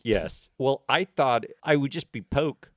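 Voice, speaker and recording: A man's voice: mid-range voice, lively intonation, fairly bright tone. A man co-hosting a podcast in casual chat, jokey and teasing. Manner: jokey, playful, quick to tease. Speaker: podcast co-host.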